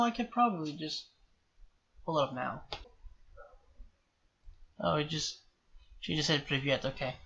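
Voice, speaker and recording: Bright-voiced rambling male reaction vlogger. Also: fairly high pitch. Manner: rambling, self-correcting, apologetic. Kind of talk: rambling solo reaction commentary. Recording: slightly dull lo-fi sound with faint background hiss.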